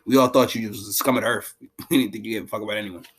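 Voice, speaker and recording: A man's voice: lowish voice, steady tone, rapid-fire, a bit bright, slightly rough. A man quoting a blunt spirit-guide girl. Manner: blunt, casual slang.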